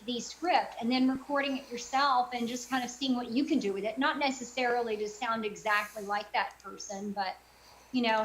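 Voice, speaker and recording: A woman's voice: a little high, fairly bright tone, low-quality recording. A middle-aged woman voice actor chatting casually in an interview over a video call, with lots of fillers. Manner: chatty, many fillers and self-quotes. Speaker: voice actor guest.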